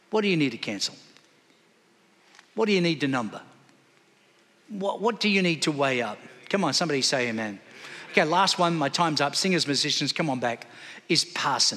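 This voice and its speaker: A man's voice: on the high side, animated, a little fast, long pauses, bright, forceful tone. A man preaching a sermon in church, calling out to the congregation for responses. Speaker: pastor. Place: church hall. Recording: long hall reverb.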